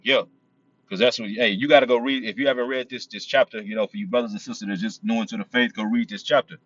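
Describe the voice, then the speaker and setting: A man leading a Bible study. He reads verses slowly, then breaks off to explain them in loose, casual talk full of fillers. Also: lowish voice, fairly even intonation, a bit bright, dry recording, highs cut off. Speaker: preacher.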